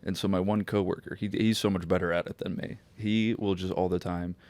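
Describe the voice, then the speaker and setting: Low gravelly man, casual swearing chat. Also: brisk. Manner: swearing, laughing storyteller, animated when quoting. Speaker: podcast co-host.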